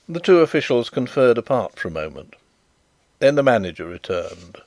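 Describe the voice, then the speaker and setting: A man narrating a classic mystery audiobook in an even storytelling manner. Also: medium pitch, normal speed, dry recording.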